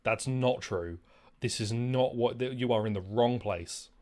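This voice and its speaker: This streamer is a man whose mid-range voice moves a little slowly as he plays and chats. He rambles, swears liberally, and stays animated throughout his casual commentary.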